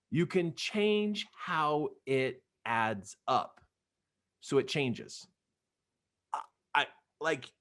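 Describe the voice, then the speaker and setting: Brief: middle-aged male youth trainer, lively and playful, slightly high, big pitch swings. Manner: animated, playful, talks straight to young viewers. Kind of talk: live online training for kids.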